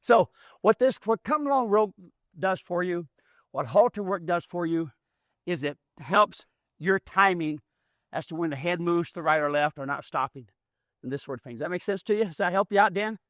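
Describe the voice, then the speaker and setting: Working with a mule outdoors, a man demonstrates training hands-on while explaining in a folksy, plainspoken way, his grammar drawling and rural. His voice sits high with a fairly bright tone at a moderate pace. It's a dry, clean studio recording.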